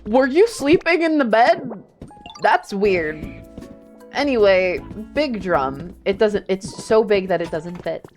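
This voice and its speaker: A woman streaming a game live, chatting casually, excitable and a little shy in her asides. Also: medium pitch, slow, faint music behind.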